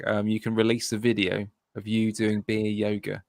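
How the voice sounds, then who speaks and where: Low-voiced man, halting podcast chat. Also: monotone, vocal fry, darkish tone, no room sound, clean studio sound. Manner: hesitant, filler-heavy wrap-up patter. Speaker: podcast co-host. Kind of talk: casual chat.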